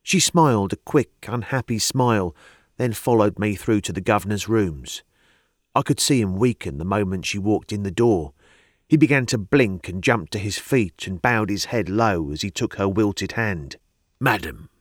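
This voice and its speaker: A man narrating a historical novel as an audiobook, measured and storytelling. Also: on the low side, no room sound, clean studio sound. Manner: measured storytelling, lively intonation.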